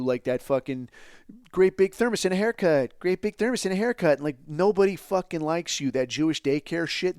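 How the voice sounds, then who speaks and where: A man's voice: on the high side, a little mellow, clear, resonant tone, dry recording, studio quality. A man hosting his own podcast in a blunt, profane, rambling solo rant, now and then mocking others in put-on quoted voices. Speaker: podcast host.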